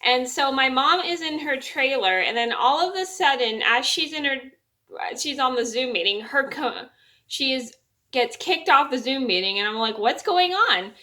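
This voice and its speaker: Bright-voiced young woman telling a story. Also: sits high, lively intonation, moderate pace. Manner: rambling, repeats words and restarts sentences. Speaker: vlogger. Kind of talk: casual storytelling to camera.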